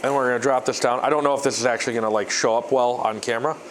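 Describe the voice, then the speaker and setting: A man's voice: medium pitch, steady tone, racing, a little hiss or hum. A man vlogging a workshop build in a casual, rambling way, often stumbling and restarting his sentences. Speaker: maker vlogger.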